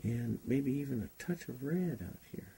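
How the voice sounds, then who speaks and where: A man's voice: medium pitch, expressive, moderate pace, vocal fry, dark tone, slightly rough. A man teaching a painting class, talking unhurriedly and thinking aloud as he paints. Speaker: painting instructor. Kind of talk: relaxed painting demonstration.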